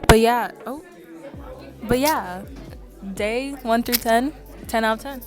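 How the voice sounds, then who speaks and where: A woman's voice: fairly high pitch, slow pace. A teenage girl vlogging casually with friends, chatty and giggly. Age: teens. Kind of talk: casual vlog chat. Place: school grounds at an event. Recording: loud crowd and music behind.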